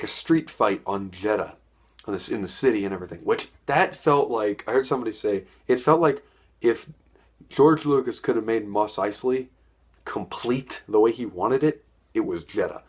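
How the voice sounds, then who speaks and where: A man's voice: fairly low pitch, breathy edge. A young man giving a casual, enthusiastic spoken film review, rambling and repeating words as he goes. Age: young adult.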